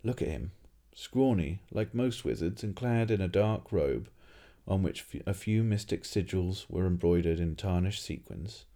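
A man reading a story aloud in a steady narration, with occasional restarts. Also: low voice, unhurried. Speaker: reader.

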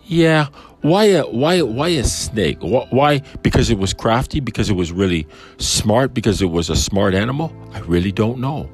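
A man's voice: on the low side, expressive, moderate pace, soft background music. A man teaching on a Bible passage in a casual, musing way, asking lots of rhetorical questions.

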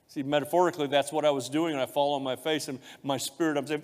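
A man's voice: fairly high pitch, moderate pace. A male pastor preaching a sermon, telling a personal confession in an emotional, heartfelt way. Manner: emotional confessional storytelling, voice rising when moved. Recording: long hall reverb.

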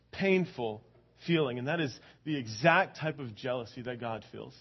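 A man's voice: mid-range voice, animated, moderate pace, slightly rough, dull audio. A man giving a sermon, telling a story in a conversational way with many repeated words and building to fervent emphasis. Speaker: preacher.

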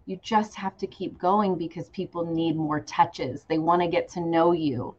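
A woman's voice: lowish voice, fairly even intonation, moderate pace, slight background noise. A woman in her forties hosting a casual interview and encouraging her guest. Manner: encouraging, warm affirmations. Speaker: host. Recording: slightly dull, lo-fi audio.

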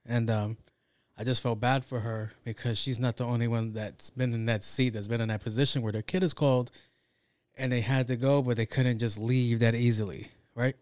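A man's voice: mid-range voice, normal speed, no echo, clean studio sound. A young man telling a story from work in a casual, profane, slangy way, acting out what people said. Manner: profane, slangy, animated with acted quotes.

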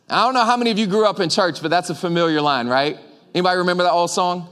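A man preaches a casual sermon in a church, bantering with his congregation between points. His voice sits high for a man, and he keeps the tone joking and conversational. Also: brisk. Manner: joking, conversational, animated preaching with audience asides. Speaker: pastor. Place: church sanctuary.

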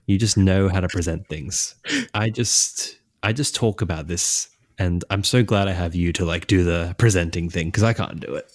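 A man's voice: low-pitched, normal speed, no echo, studio quality. A laid-back man, co-hosting a podcast in casual chat. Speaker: podcast co-host.

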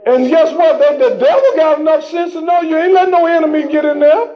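A man's voice: extremely high pitch, expressive, brisk, few pauses. A man preaching a sermon in a fervent, colloquial way, full of rhetorical questions to his listeners. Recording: dull lo-fi recording.

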